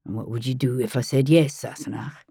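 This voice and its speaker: A woman reading an audiobook, voicing a wounded Scottish man with a low, gruff, dry, matter-of-fact manner. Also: fairly quick, mellow, no room sound, exaggerated voice. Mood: dry weary. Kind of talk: audiobook narration.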